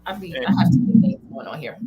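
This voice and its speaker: A woman's voice: high-pitched, slight background noise, poor audio. A woman guest on a talk show, a comedian chatting informally and laughing often. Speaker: guest, comedian and entertainment founder. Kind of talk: casual interview chat.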